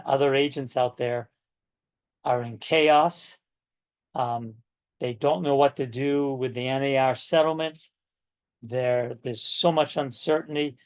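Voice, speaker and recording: Older male coach, sixties, folksy and emphatic, mid-pitched, talks to his class over a video call. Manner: folksy, emphatic, often asks "right?". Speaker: real estate coach. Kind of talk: coaching session talk.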